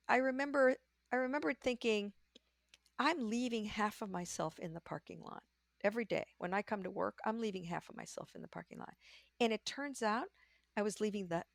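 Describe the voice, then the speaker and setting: An older woman, a podcast guest, telling candid stories about her career in a lively way and acting out the voices she quotes. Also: mid-range voice, gravelly, no room sound, studio quality. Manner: lively storyteller who acts out quoted voices. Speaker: podcast guest, leadership coach. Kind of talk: candid conversational storytelling.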